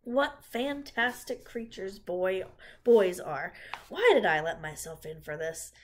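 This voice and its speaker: A woman voicing a fussy male rat who grumbles loudly and drags out his complaints, with a husky voice. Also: medium pitch, lively intonation. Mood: grumbling. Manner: loud, drawn-out, complaining.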